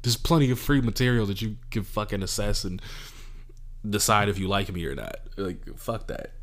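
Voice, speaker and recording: A man's voice: fairly low pitch, moderate pace, fairly bright tone. A young adult man, a comedian, ranting casually and profanely, acting out the people he quotes. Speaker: podcast host and comedian. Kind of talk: casual monologue.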